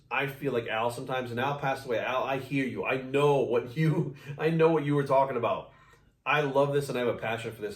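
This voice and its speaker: Fitness coach guy ranting and cussing nonstop, kinda far from the mic, echoey room. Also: mid-range voice. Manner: heavy swearing, passionate and blunt. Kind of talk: ranting vlog monologue. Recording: roomy sound, mic at a distance.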